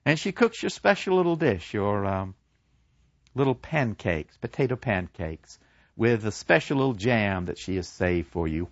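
Brief: an animated man lecturing as a storyteller, expressive pitch, dry muffled sound. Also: gravelly, no echo. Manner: animated, acts out the people in his story. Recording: dull lo-fi dry recording.

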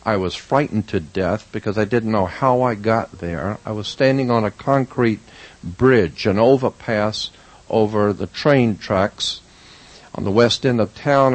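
Low-voiced man telling a personal story. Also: no echo, low-quality recording. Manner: earnest, halting, with pauses and restarts.

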